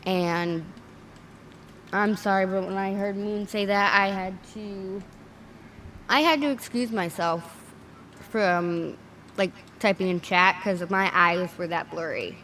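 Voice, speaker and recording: A woman's voice: mid-range voice, slow, fairly bright tone, a little hiss or hum. A woman hosting a livestream, speaking earnestly and close to tears. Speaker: livestream host. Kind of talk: emotional livestream commentary.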